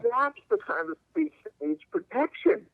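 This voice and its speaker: A man's voice: very high-pitched, big pitch swings, normal speed, no room sound. Emphatic older man on a tinny phone line. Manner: emphatic, argumentative, lawyerly. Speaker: civil liberties attorney guest. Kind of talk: interview answers by phone. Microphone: telephone.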